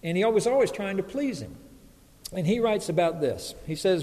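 Male pastor, slightly higher voice, earnest emphatic sermon, long hall reverb. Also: big pitch swings, moderate pace, a little mellow. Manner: earnest, emphatic preaching with rising intensity on quotes.

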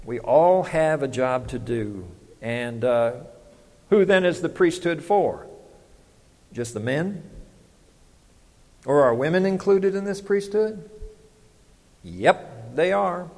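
Preacher guy, kinda high voice, asks the room questions and answers them himself, echoey sanctuary. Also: animated, slow, pauses often, a little mellow. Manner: conversational preaching with rhetorical questions. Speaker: pastor. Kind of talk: sermon. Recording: long hall reverb.

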